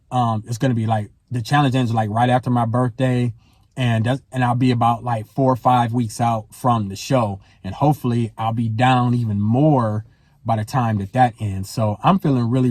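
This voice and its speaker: A man's voice: mid-range voice, darkish tone, dry recording. A man in his forties who talks in a casual, rambling way, laughing often and using many fillers. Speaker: fitness vlogger. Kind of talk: casual vlog chat.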